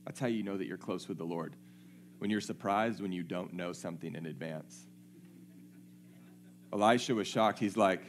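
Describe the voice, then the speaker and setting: A man with a deep voice preaches a sermon at a moderate pace, with long pauses and slight background noise. He reads scripture aloud and checks in with his listeners conversationally.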